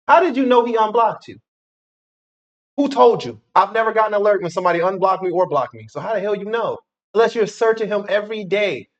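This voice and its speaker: A man with a high voice rattles off rapid, incredulous questions as a reaction host. The recording sounds dull and lo-fi. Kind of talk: reaction commentary.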